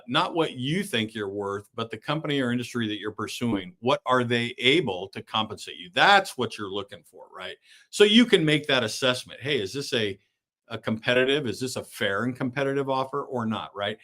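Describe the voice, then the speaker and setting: A middle-aged man leads a live online coaching session in a voice of ordinary, middle pitch. He keeps checking in with the listeners by ending his points with "right?", and he stumbles through fillers and restarts as he explains. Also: pushed and bright. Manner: tags sentences with "right?", many fillers and restarts. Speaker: career coach hosting a live webinar.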